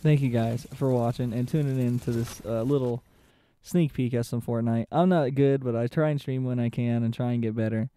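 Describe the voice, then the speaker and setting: A man giving excitable, casual commentary on his own gameplay, repeating short phrases and shouting in tense moments. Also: mid-range voice, fairly quick, clear, resonant tone, no echo. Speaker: gaming channel host.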